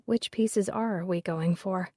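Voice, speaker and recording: A woman's voice: mid-range voice, takes it slowly, a little mellow, dry recording, clean studio sound. A woman voicing a curious, polite young woman who speaks plainly. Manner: plain, polite, matter-of-fact. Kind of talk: audiobook character reading.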